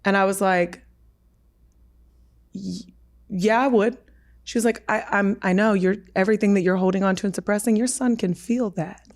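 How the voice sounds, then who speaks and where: A woman's voice: mid-range voice, fairly even intonation, fast, hardly any pauses, a little mellow. A woman in her thirties sits in as a podcast guest and tells a personal story in vivid detail. She acts out the lines of everyone she quotes, and her voice sits in a middle register.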